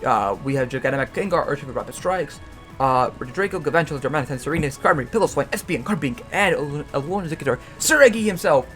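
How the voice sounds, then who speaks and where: A young man with a fairly high voice rambles through a casual analysis of his picks. He stumbles, repeats words and cracks self-mocking asides, with music playing softly underneath. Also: animated, fast talker. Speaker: YouTuber and league coach. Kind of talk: casual draft analysis commentary.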